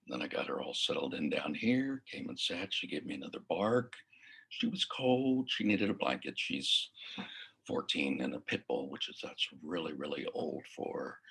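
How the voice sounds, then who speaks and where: Male mindfulness coach, husky and unhurried, casual teaching tone with soft whispered asides. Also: extremely low pitch. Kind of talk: casual spoken lesson.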